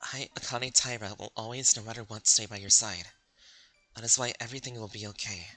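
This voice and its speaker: A man reading a calm, devoted young woman in a game, with soft, slow, soothing delivery. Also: on the low side, no echo, low-quality recording.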